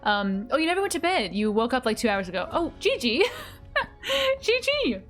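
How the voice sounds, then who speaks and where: A woman's voice: sits high, sing-song, normal speed, a bit bright, soft background music. A woman streaming a game, chatting casually with her viewers in a bubbly, giggly manner. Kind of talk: casual live-stream chat while gaming.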